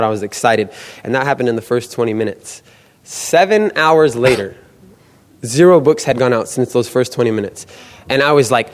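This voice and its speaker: A young man giving an animated testimony, acting out the voices in his stories. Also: medium pitch, fast. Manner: animated storytelling, acts out quoted voices. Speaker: student book canvasser. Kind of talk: testimony talk. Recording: long hall reverb.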